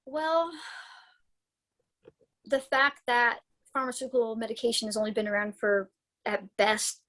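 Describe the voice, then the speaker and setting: A woman's voice: a little high, steady tone, unhurried, a bit bright, low-quality recording. A woman herbalist talking as a guest in a casual interview while she recovers from a concussion. She rambles in a chatty way, with many restarts, and laughs often.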